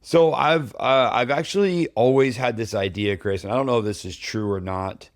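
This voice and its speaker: A man's voice: medium pitch, normal speed, no echo, studio quality. A man hosting a cybersecurity podcast, chatting casually with frequent fillers and restarts. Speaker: podcast host. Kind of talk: casual chat.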